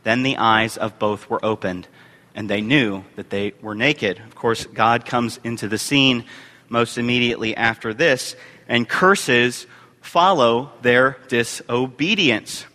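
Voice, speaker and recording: A male minister preaching a sermon, his bright, forceful voice carrying long reverb around a church sanctuary. He reads scripture in measured phrases and lifts his voice for emphasis. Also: medium pitch. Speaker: youth and family minister.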